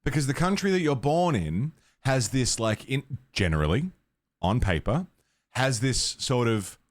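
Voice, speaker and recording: A man's voice: mid-range voice, sing-song, unhurried, no room sound, studio quality. An Australian man chatting casually on a game stream, swearing freely, laughing often and rambling with restarts. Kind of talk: casual stream chat while gaming.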